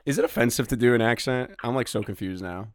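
A man in casual chat, animated and quick to joke and laugh. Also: mid-range voice, slight background noise.

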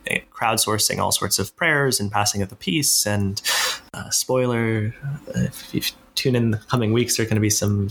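Guy talking from home, lowish gravelly voice, keeps restarting, laughs a lot, faint room sound behind. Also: fairly bright tone, a little hiss or hum. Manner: halting, many restarts, laughs often. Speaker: minister. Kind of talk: casual podcast conversation.

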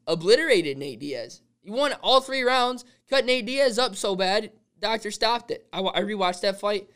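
Excitable young-sounding man, smooth voice. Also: sits high. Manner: excitable, says "dude" constantly; rambling fan talk with restarts. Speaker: podcast host. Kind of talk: casual podcast monologue.

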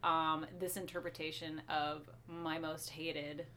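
A woman's voice: sits low, level tone, slow, sharp tone, slight background noise. A woman co-hosting a comics podcast in casual chat, wry and rambling, trailing off at times. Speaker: podcast co-host.

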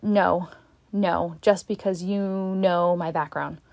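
A woman's voice: lowish voice, steady tone, takes it slowly, gravelly, darkish tone, dry recording. A woman vlogging a candid, frustrated rant. She swears bluntly, sighs, and stops and restarts her sentences. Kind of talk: candid venting monologue.

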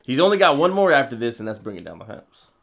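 A man's voice: medium pitch, very animated, quick pace, gravelly, a bit bright. A young man co-hosting a casual movie podcast, joking, sarcastic and laughing often. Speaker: podcast co-host.

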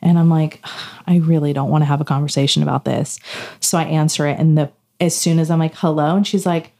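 A woman with a low-pitched voice chats casually as a podcast co-host. She tells personal stories and slips into quoted dialogue as she acts them out. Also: brisk, creaky. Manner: animated storytelling, acting out quoted dialogue. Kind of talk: casual chat, telling a personal story.

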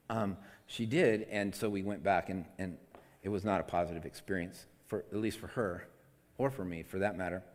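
A man's voice: fairly low pitch, a little mellow. A man giving an earnest, conversational devotional talk as a preacher, often restarting his sentences. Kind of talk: devotional teaching. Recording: long hall reverb.

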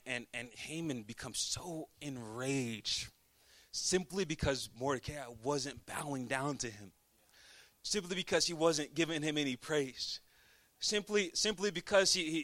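A man's voice: fairly high pitch, pushed and bright, dry recording. A man preaching a sermon, retelling a story with animation and repeating words as he builds each point.

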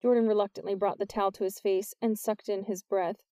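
A woman reading a novel aloud as an audiobook narrator, with steady scripted narration. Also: fairly quick, no room sound. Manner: lifts her pitch for the characters' lines.

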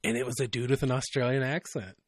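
A man's voice: mid-range voice, fairly even intonation, fast, breathy edge, no room sound, clean studio sound. A man hosting a podcast, chatting in a loose way, laughing often and using plenty of fillers. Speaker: podcast host. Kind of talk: casual podcast chat.

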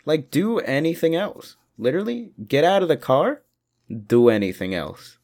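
A young man hosting a solo podcast, rambling and swearing, with sudden loud mock-indignant bursts. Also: fairly high pitch, huge pitch swings, normal speed. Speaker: podcast host. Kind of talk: solo comedic rant.

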